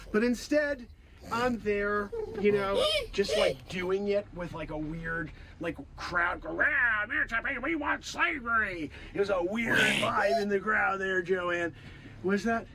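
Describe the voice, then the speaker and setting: Comic host, male, high and very lively voice, exasperated rants, noisy background. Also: slow. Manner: ranting, exasperated, prone to shouting outbursts. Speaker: comedian host. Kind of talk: improvised comedic monologue in character.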